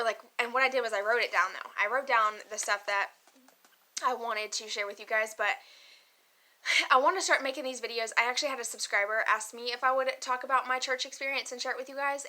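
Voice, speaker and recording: A woman's voice: fairly high pitch, bright, forceful tone. A young woman chatting casually to camera as a vlogger, emotional and talkative, often laughing and using many fillers.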